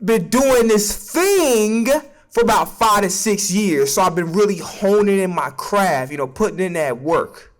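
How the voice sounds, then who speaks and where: A young man hosting a comedic sports recap on his stream. His voice sits very high for a man. He talks loud and profane, joking around and jumping abruptly up and down in pitch. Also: animated, unhurried. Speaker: streamer and sports show host.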